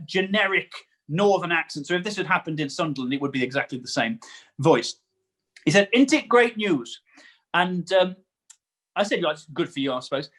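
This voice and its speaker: A man's voice: on the high side, fairly bright tone, husky. A man preaching a sermon in an earnest way, often repeating words for emphasis.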